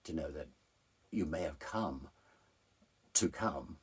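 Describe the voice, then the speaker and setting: Middle-aged man, low raspy voice, candid and animated storyteller. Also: takes it slowly. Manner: frank, candid, animated retelling. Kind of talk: personal storytelling.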